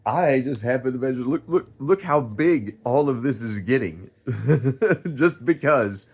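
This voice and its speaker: A man's voice: medium pitch, animated, unhurried, breathy edge. A man telling a rambling story in a casual, profane rant. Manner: profane, rambling storytelling, loud when reenacting quotes. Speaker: streamer.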